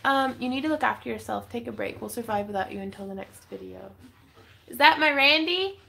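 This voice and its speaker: A woman's voice: medium pitch, fast, gravelly, a bit bright. A young woman hosting a casual craft livestream, reading viewer comments and chatting with giggles and fillers. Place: home craft room.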